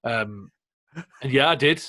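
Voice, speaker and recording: A man's voice: medium pitch, unhurried, pushed and bright. A British man co-hosting a podcast, chatting in an easygoing, conversational way. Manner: easygoing, conversational, reads out news stories. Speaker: podcast co-host. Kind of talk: casual chat.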